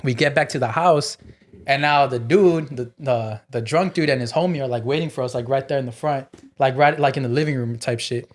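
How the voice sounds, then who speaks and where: A man's voice: mid-range voice, brisk. Man telling a rowdy story. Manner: profane, filler-heavy storytelling with many "like"s. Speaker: guest comedian. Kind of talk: casual podcast storytelling.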